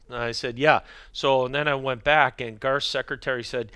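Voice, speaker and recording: A man's voice: mid-range voice, steady tone, brisk, hardly any pauses, sharp tone, clean tone, no room sound. A middle-aged man, a hockey equipment manager, telling rambling stories as a podcast guest and dropping his voice to quote other people. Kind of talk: casual storytelling chat.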